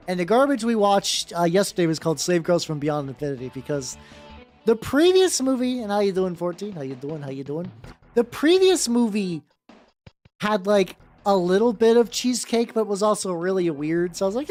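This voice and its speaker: Chatty streamer with a lively voice. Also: medium pitch. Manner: chatty, greets viewers by name between rambling anecdotes. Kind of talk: live-stream chat. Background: faint background music.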